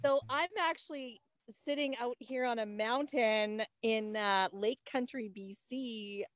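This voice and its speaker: A Canadian woman speaking as a guest on a group call from outdoors on a mountain, telling her story in a lively way and acting out the voices of the people in it. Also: a little high, measured pace, no room sound, clean studio sound. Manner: animated, acts out quoted voices. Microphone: laptop on a hotspot.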